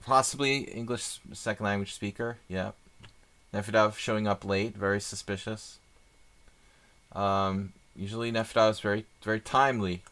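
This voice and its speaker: A man's voice: lowish voice, fairly even intonation, moderate pace, a bit bright. A man doing live chess stream commentary, chatty and thinking aloud with rambling asides.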